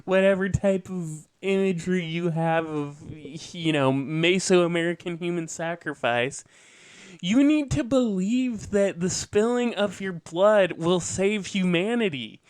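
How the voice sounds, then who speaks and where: A man's voice: sits high, measured pace, smooth, dry recording. A man hosting a show, giving an earnest political commentary monologue, lecturing with asides and self-corrections. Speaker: podcast host.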